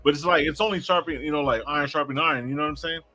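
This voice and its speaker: A man's voice: a little high, racing, crowd noise. A man co-hosting a fan podcast, laid-back and agreeable, full of fillers. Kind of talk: casual fan podcast chat.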